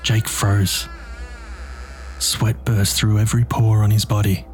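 Low-voiced man narrating a tense story. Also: level tone, slow, soft background music. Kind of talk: scripted narration.

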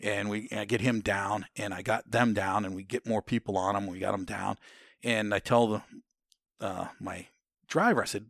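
Recounting war stories in conversation, a U.S. veteran talks fairly quickly in a fairly low, gravelly voice with fairly even intonation. He is blunt and swears, rambling with restarts and lots of "you know" fillers. There is no room sound, and the quality is studio grade.

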